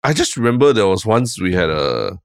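A man with a deep, low voice and a Singaporean English accent, co-hosting a casual podcast chat. He tells stories in a relaxed, rambling way and drops "lah" often. The sound is close and dry. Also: brisk, vocal fry, clear, resonant tone, no room sound. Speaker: podcast co-host.

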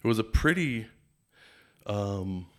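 A middle-aged man from Minnesota, a podcast guest telling stories in a casual, animated way and sometimes doing playful impressions. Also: on the low side, takes it slowly. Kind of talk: casual storytelling interview.

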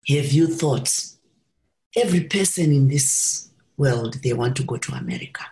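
A stern older village man speaks bluntly and brushes people off, put on by a woman. His voice is gruff and commanding, and the recording sounds roomy. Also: very deep voice, expressive, moderate pace, warm tone, slight background noise. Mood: persuasive. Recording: roomy echo.

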